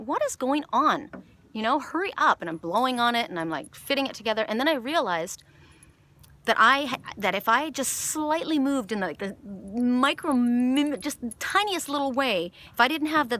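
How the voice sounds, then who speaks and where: A woman from Canada giving an oracle card reading outdoors by the water, telling a story in a rambling, animated way with many restarts. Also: medium pitch. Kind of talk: casual spiritual message. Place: outdoors by water with jumping fish.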